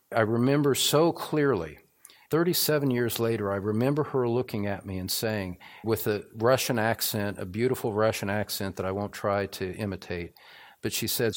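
A man's voice: on the low side, moderate pace. An older man preaching a sermon as a pastor in an evening church service, earnest and building to emphatic repetition.

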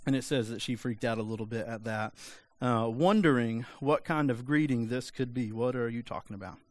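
A man's voice: mid-range voice, fairly even intonation, moderate pace, no echo. Casual joking male preacher. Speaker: pastor. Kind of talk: sermon.

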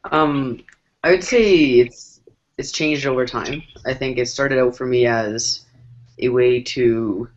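A man's voice: medium pitch, flat delivery, slow pace, darkish tone. A man speaking as a guest in a casual panel chat, thoughtful and rambling, with many restarts. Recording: dull lo-fi sound.

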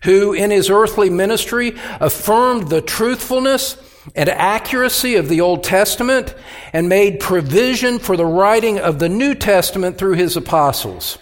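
A man preaching a sermon as pastor, earnest and urgent, pressing each point with emphasis. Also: high-pitched.

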